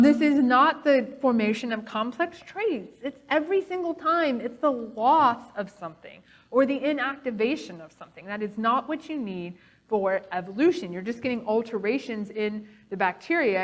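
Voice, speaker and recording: A woman giving a lecture presentation, animated and emphatic, checking in with the audience with frequent "okay?" and "right?", sometimes sardonic. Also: on the high side, normal speed. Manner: sardonic, laughs at opposing claims.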